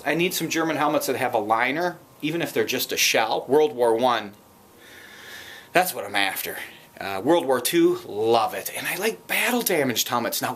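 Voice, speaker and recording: A man with a Minnesota accent, a collector who sells and trades items, rambles through a casual, unscripted vlog, showing and pricing things with lots of fillers and restarts, and griping with mild swearing now and then. His voice is mid-range and a bit bright, with a little hiss or hum.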